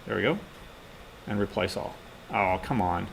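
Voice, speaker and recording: A man's voice: low voice, moderate pace, vocal fry, slight background noise. A man teaching a class, talking through live coding and muttering to himself as he types. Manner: casual, mutters to himself while typing. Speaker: instructor.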